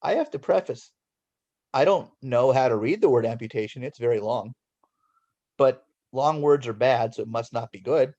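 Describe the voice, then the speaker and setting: A guest in his forties from Los Angeles speaks at a moderate pace in a medium pitch, telling an animated childhood story and acting out the voices. The audio is dull.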